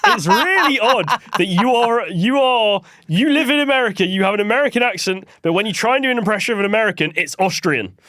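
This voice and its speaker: High, lively man teasing a co-host. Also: quick pace, hardly any pauses, no echo, studio quality. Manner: teasing, playful. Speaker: podcast co-host. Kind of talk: casual banter.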